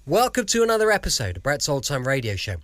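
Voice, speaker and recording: A man's voice: fairly high pitch, wildly swooping pitch, fast talker, fairly bright tone, no echo. A man hosting a podcast from his home, chatting enthusiastically. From south coast of England. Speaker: podcast host. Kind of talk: casual podcast introduction.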